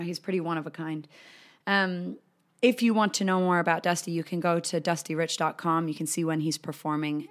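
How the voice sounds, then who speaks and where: A woman hosts her podcast in a loose, chatty way, swearing freely as she goes. Her voice sits on the low side for a woman. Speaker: podcast host. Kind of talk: casual podcast intro and chat.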